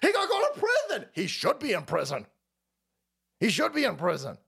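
A man putting on a shrill hysterical liberal woman. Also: huge pitch swings, normal speed, vocal fry, fairly bright tone, husky, exaggerated voice. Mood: shrill, mocking. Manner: mocking falsetto, exaggerated.

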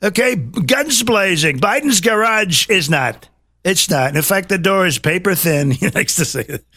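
A man co-hosting a casual political talk show, sitting a little high in his register. He mocks as he goes, swinging his pitch widely and slipping into other people's voices. The recording is close and dry, with no room sound. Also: moderate pace, dry recording. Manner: animated, mocking, acts out quoted voices.

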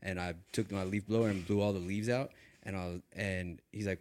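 A laid-back young man with a somewhat low voice chats on a podcast. He throws in short remarks and tells a casual story. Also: fairly even intonation, brisk, a little mellow. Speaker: podcast co-host. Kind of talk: casual chat.

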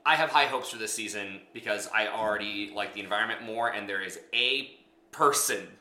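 A man's voice: fairly low pitch, a little fast, sharp tone, echoey room. A man co-hosting a podcast, chatting casually and rambling, hedging his points with many fillers. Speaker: podcast co-host. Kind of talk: casual chat.

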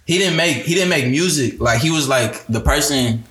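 A man's voice: a little high, normal speed, a bit bright. A twenty-year-old man talking as a guest musician in a casual podcast interview, laid-back and full of slang, with many restarts. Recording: roomy echo.

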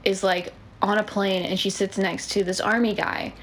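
Animated woman chatting, faint noise. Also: medium pitch, normal speed. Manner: animated storyteller, acts out movie dialogue. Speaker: podcast co-host. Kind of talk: casual chat about writing prompts.

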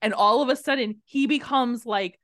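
A woman co-hosting a movie review podcast, chatting casually in an animated, gushing way and laughing often. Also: on the high side, moderate pace, dry recording, clean studio sound. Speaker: podcast co-host.

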